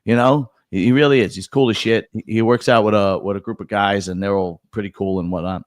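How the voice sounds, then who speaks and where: A middle-aged podcast host with a lowish voice and fairly even intonation tells profane workplace stories in casual chat, often restarting his sentences. He speaks fairly quickly, and the studio-quality recording has no echo.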